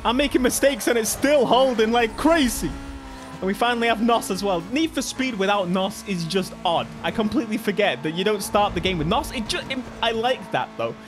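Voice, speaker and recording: Excitable British man commentating on gameplay. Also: sits high, brisk. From Britain. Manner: excitable, laughing, joking. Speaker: gaming YouTuber. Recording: music from the game behind.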